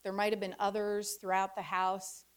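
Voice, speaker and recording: A woman's voice: medium pitch, completely flat delivery, clear, resonant tone. Woman reading a wry personal essay. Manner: reflective, wry storytelling with pauses. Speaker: author giving a reading.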